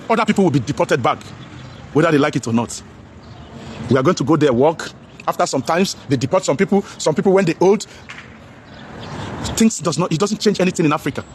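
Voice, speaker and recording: A man with a Nigerian accent giving a loud, preachy vlog commentary. He addresses viewers as his brothers, repeats himself and mixes English with Pidgin. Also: high voice, slight background noise.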